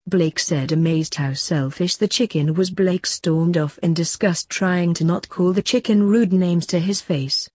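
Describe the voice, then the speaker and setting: Woman storyteller, mellow dark voice, dry recording. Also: fairly low pitch, unhurried, few pauses, breathy edge, dry recording. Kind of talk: reading a story aloud.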